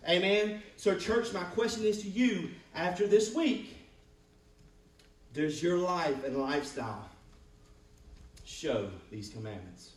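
Male pastor, fairly high voice, preaching to a congregation with "Amen?" call-outs and loud-to-quiet swings, echoey sanctuary, heard from a distance. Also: slow pace, long pauses. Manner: swings between loud rising bursts and low quiet passages. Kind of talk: sermon. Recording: echoey room, voice from far off.

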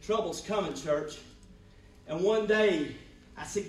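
Higher-voiced pastor preaching in an echoey church. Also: male voice, slow pace. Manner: preaching with frequent "Amen?" call-outs to the congregation; swings between loud rising bursts and low quiet passages. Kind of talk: sermon. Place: church sanctuary with congregation. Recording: echoey room, voice from far off.

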